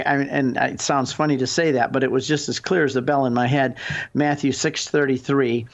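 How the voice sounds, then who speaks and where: A man's voice: medium pitch, fairly even intonation, a little fast, highs cut off. Earnest sixties man telling his story. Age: 60s. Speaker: guest. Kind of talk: call-in radio conversation.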